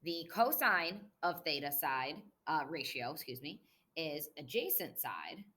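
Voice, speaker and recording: Bright-voiced woman teaching a math review. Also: low voice, sing-song, measured pace, breathy edge. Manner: patient, explaining step by step while writing on the board. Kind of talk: recorded math lesson review.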